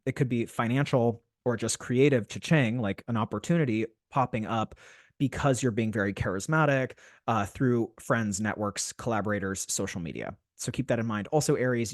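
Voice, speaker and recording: A man's voice: mid-range voice, no echo, clean studio sound. A man giving a weekly horoscope reading, chatty and playful, with lots of fillers and restarts. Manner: chatty and playful, with frequent fillers and self-corrections. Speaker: astrologer. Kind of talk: weekly horoscope video talk.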